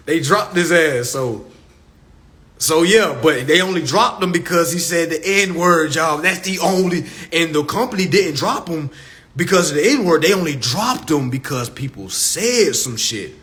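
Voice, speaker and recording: A man's voice: a little high, lively intonation, a little slow, fairly bright tone. A man ranting on a livestream, profane and preachy, repeating his points with emphasis. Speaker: social media live host. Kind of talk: unscripted livestream rant. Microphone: phone livestream.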